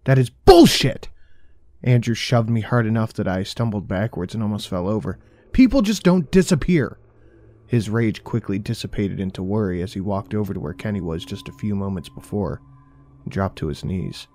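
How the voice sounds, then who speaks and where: Deep, dark-voiced horror narrator. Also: male voice, steady tone, brisk, dry recording.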